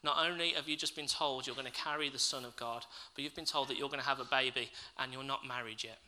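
A man's voice: medium pitch, steady tone, fast, sharp tone, slight background noise, poor audio. A man preaching a sermon, reading scripture and then reflecting aloud and asking his listeners questions.

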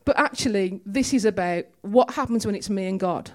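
A woman's voice: mid-range voice, normal speed, darkish tone. A woman giving a conversational, storytelling sermon in a church. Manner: chatty, storytelling, with humor. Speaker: preacher.

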